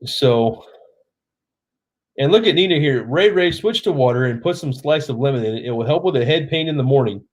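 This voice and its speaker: A slightly fast, medium-pitched male voice with lively intonation. It belongs to a middle-aged Southern-accented man from Oklahoma who has had a few drinks and is reading viewer comments on his casual late-night home live stream.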